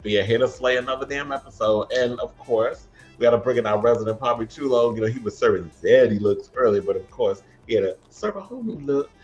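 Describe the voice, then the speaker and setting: A man's voice: medium pitch, fast talker, few pauses, highs cut off, soft background music. A man hosting a casual pop culture panel show, sassy and playful with casual swearing. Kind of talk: casual chat.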